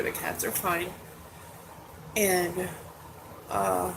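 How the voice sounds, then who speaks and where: A woman's voice: mid-range voice, background noise. A middle-aged woman telling a personal story in a casual vlog, rambling and upset and holding back tears. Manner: rambling, upset, with many asides and fillers. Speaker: vlogger. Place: her bedroom at home.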